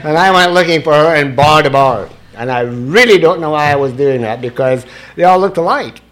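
A man's voice: on the high side, expressive, fairly quick, fairly bright tone. A man from Scotland with a Scottish accent, telling his life story to a recovery meeting in a profane, joking way. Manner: profane, joking, chuckling at his own stories. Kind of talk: confessional storytelling to an audience.

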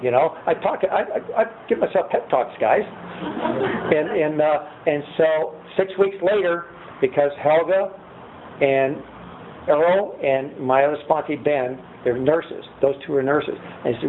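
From a podium in a meeting room, an older man shares his story at a recovery meeting, rambling and chuckling at himself in a self-deprecating way. His voice is a little high with lively intonation and a measured pace, heard over a tinny lo-fi line with faint hiss.

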